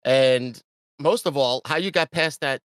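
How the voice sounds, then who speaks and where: Guy hosting a podcast, curious and eager, mid-pitched voice, dry close sound. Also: measured pace, a bit bright, no room sound. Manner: eager, curious questioner who laughs easily. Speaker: podcast host. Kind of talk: casual interview chat.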